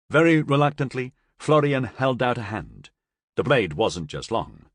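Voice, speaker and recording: Expressive male audiobook narrator. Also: medium pitch, unhurried, no room sound, studio quality. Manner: expressive storytelling. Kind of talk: scripted narration.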